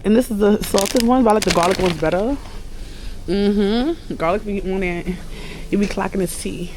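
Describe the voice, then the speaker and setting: A woman's voice: mid-range voice, normal speed, background noise. Chatty New woman vlogging. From New York. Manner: chatty, slangy, rambling asides. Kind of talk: casual vlog chat.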